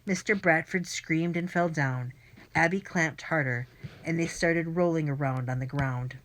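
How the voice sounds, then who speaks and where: Narrator: woman, lowish voice, brisk first-person children's story reading. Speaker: audiobook narrator.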